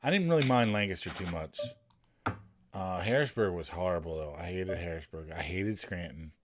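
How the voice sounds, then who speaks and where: A man's voice: low-pitched, moderate pace. A man, a poker streamer telling long rambling stories in casual, profane chat.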